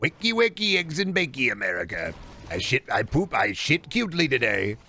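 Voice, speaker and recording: A man's voice: mid-range voice, sing-song, normal speed, creaky, pushed and bright, exaggerated voice. A man doing an impression of a boastful, pompous middle-aged male politician who repeats himself and praises himself. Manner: bragging, repetitive, self-praising.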